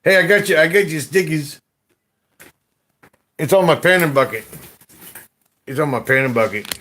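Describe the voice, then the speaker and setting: A man hosting a casual gold panning chat, rambling in a slow, folksy drawl with slangy grammar, laughing often while drinking beer. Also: on the high side, a bit bright. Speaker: gold panning channel host.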